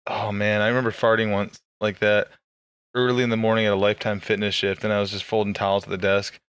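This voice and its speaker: A man's voice: lowish voice, level tone, fast, a bit bright, clear, resonant tone, dry recording. Rambling swearing podcast guy. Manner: rambling, swears a lot, laughs often. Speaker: podcast co-host. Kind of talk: crude casual banter.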